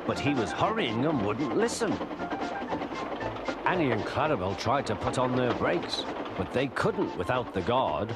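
Man, children's story narration, very lively pitch, loud music underneath. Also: moderate pace.

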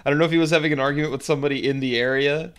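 A man's voice: a little high, steady tone, racing, smooth. A man streaming a survival game, rambling casually, swearing and restarting his sentences. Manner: rambling, profane, self-interrupting. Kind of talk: casual gaming commentary.

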